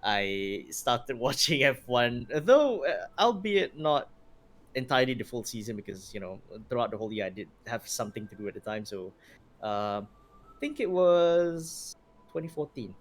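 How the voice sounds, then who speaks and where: Animated young guy rambling. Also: mid-range voice, moderate pace. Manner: rambling, animated, laughs often, filler-heavy. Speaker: guest streamer. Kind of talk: casual podcast chat.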